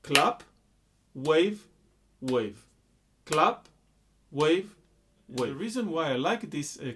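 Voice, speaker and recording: A man's voice: a little high, breathy edge. A man patiently explaining a rhythm exercise, counting beats and chanting syllables between explanations. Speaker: music teacher. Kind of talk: rhythm lesson with sung syllables.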